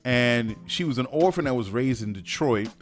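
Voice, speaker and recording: A man's voice: mid-range voice, lively intonation, moderate pace, faint music behind. A man hosting a podcast, giving opinionated solo commentary with many fillers and restarts. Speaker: podcast host.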